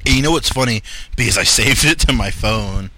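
A man's voice: lowish voice, a little fast, bright, forceful tone, no echo. A man co-hosting a podcast, joking crudely, laughing often and telling an anecdote. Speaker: podcast co-host. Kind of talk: casual chat.

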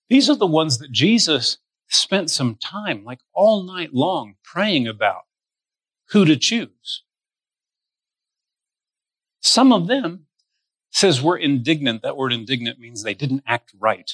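Slow, bright-voiced man preaching. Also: a little high, dry recording. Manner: emphatic preaching, drawn-out stressed words; addresses listeners directly. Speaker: pastor. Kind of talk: sermon.

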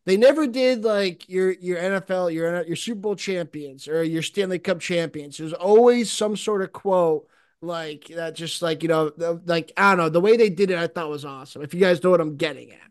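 High-voiced rambling man chatting. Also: moderate pace, clear, resonant tone, dry recording, studio quality. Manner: rambling, many filler words and restarts, laughs often. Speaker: podcast co-host. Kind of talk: casual chat.

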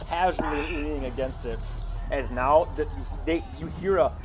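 A man's voice: fairly high pitch, normal speed. A man narrating as game master of a tabletop game, casual and swearing freely. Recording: muffled audio with music.

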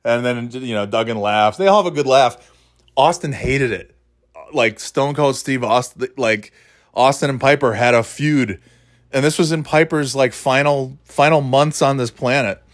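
A man's voice: mid-range voice, normal speed. A man hosting his own podcast who rambles casually, swears freely and laughs often as he talks. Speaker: podcast host. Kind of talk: casual solo chat.

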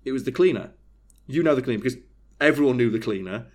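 A man's voice: medium pitch, quick pace. A young man, casually telling a work story and acting out the dialogue. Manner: animated storytelling, acts out quoted dialogue, swears freely. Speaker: podcast co-host telling a story. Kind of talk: casual chat.

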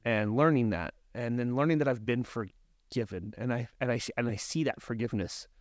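A man talks earnestly and reflectively as a podcast guest, often restarting his sentences. His voice sits at an ordinary middle pitch, and the studio sound is dry and close. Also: a little fast, no echo. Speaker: podcast guest, life coach. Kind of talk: casual podcast conversation.

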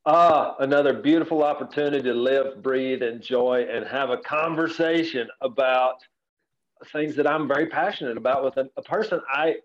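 A rancher from Central Texas, USA, joins a relaxed podcast conversation from his office, his mid-range voice moving at a moderate pace in a recording with the highs cut off. He talks in an earnest, folksy, rambling way.

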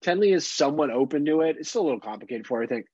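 Podcast dad, thirties, swears freely and rambles with laughs; husky voice on a dull, dry mic. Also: male voice, fairly high pitch, expressive, very fast, darkish tone, no room sound. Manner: profane, rambling, laughs often. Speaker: podcast co-host. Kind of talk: casual chat.

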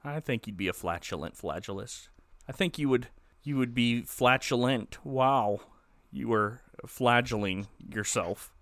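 A man co-hosting a casual comedy podcast, recapping a movie in an animated, joking way. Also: medium pitch, measured pace, no room sound. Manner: jokey, animated storytelling, puts on silly voices for characters.

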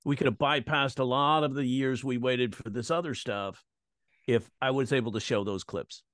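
A man's voice: mid-range voice, normal speed, dry recording, studio quality. A man, a comedian and comedy coach, telling stories in a casual interview and acting out the voices of the people he quotes. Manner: animated, acts out quoted voices. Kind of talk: casual storytelling chat.

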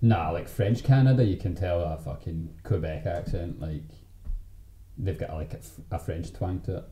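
A man's voice: deep voice, normal speed, warm tone. A young Scottish man with a Glaswegian accent, chatting casually as a podcast co-host, swearing and laughing often. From Scotland. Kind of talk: casual chat over drinks. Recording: echoey room with faint noise.

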